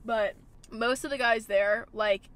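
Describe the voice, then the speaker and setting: A woman's voice: on the high side, steady tone, slow pace, a bit bright. A young woman hosting a podcast from a parked car, talking casually, swearing a lot and filling her sentences with "like". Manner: chatty, swears a lot, heavy filler "like". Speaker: podcast host. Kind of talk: casual solo podcast chat. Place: parked car at a gas station.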